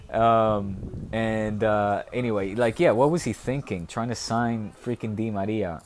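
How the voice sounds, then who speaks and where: A man's voice: on the low side, measured pace, slight background noise. A man hosting a fan live stream, chatting casually and reading out viewer questions in a rambling, profane way. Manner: rambling, profane, banter with chat.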